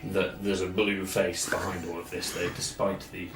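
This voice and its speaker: Lowish guy game-mastering a tabletop game, measured, sounds roomy and a bit off mic with music under it. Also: level tone, far from the mic. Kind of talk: describing a tabletop game scene.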